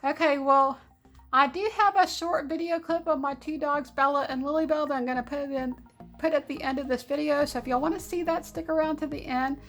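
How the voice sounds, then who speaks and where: A woman's voice: high-pitched, fairly even intonation, a little fast, a bit bright, faint music behind. A woman, hosting a crafting vlog at home in a bubbly, giggly way. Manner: bubbly, giggly, sweet-talking. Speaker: papercraft channel host. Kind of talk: casual vlog chat.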